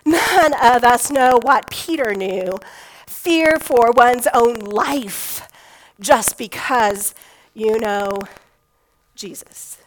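A woman's voice: on the high side, lively intonation, very slow, poor audio. A woman pastor preaching a sermon in a conversational storytelling way, with touches of folksy humor.

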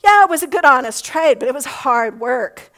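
A woman's voice: high-pitched, animated, moderate pace, fairly bright tone, poor audio. A middle-aged woman pastor giving a sermon in a conversational way, often asking rhetorical questions.

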